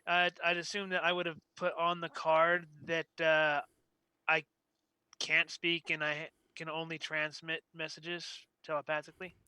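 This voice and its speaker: High bright-voiced guy at a tabletop game, smooth clean voice, kinda hesitant. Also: completely flat delivery, unhurried, no room sound, poor audio. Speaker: player. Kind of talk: casual tabletop game play.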